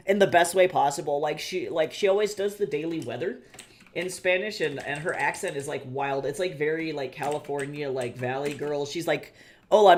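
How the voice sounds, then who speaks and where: A woman streamer chatting casually, rambling and swearing as she tells stories. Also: lowish voice. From United States. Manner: rambling, swearing, animated storytelling. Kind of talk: casual chat while drawing.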